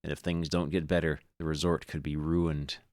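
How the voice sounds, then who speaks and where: A man's voice: extremely low pitch, little pitch movement, moderate pace, darkish tone, dry recording, clean studio sound, voice pushed down. A man voicing a friendly, worried male alien resort host in a video game. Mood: fretting. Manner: worried, polite, flustered.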